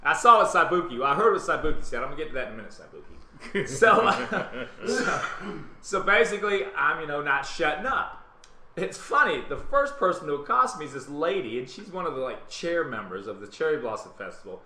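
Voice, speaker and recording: A man with a Southern US accent hosting a live web talk show, telling a story in a casual, animated way and acting out other people's lines. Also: a little high, fairly quick. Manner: animated, acts out quotes in other voices. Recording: roomy webcam stream with faint hiss.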